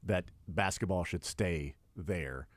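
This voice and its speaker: A male sports radio host talks casually in a dry, close studio sound. His delivery is animated and he tells stories with energy. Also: takes it slowly, no echo. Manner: animated storyteller, acts out quotes with big pitch jumps.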